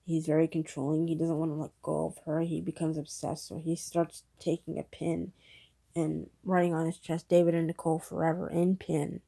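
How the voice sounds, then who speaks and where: A woman's voice: sits low, gravelly, dark tone. A woman giving a casual, rambling spoken movie review, retelling the plot with lots of fillers.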